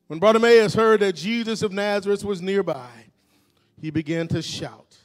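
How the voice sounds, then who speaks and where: A male pastor preaching a sermon in a church sanctuary, swinging from low, quiet stretches to loud, shouted call-and-response. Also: normal speed, faint music behind.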